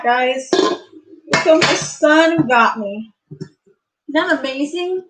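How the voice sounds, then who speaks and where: A middle-aged woman with a high voice talks slowly through an unboxing vlog, gushing with delight. She exclaims again and again as she shows each item in her home kitchen. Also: a bit bright, low-quality recording. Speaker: vlogger.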